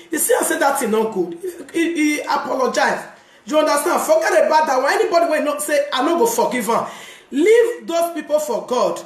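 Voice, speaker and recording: A woman's voice: high-pitched, echoey room. A woman with a Nigerian Pidgin accent, a mother of three, talking to her viewers about forgiveness and often asking "you understand?". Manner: animated, repeats "you understand?", laughs often. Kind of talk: casual talk to camera on forgiveness.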